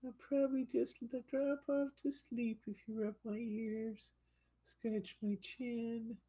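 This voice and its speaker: A woman's voice: level tone, breathy edge, poor audio. A woman doing a sleepy little poodle's baby voice. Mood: drowsy. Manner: soft high baby-talk voice, drowsy and slow. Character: sleepy young male poodle, drowsy and sweet.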